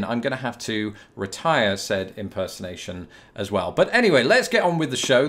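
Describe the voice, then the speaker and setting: Young British man, host of a casual to-camera Q&A; mid-pitched, chatty and rambling, dry self-deprecating wit. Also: a bit bright. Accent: British English. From Britain. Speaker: YouTube host answering viewer questions.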